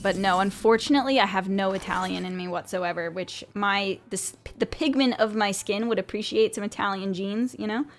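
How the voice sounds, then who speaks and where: Young woman streaming, chatty, thinking out loud while she plays, some light hiss. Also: medium pitch, fairly quick, hardly any pauses. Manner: chatty, laughs easily, thinks aloud. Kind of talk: casual gameplay commentary.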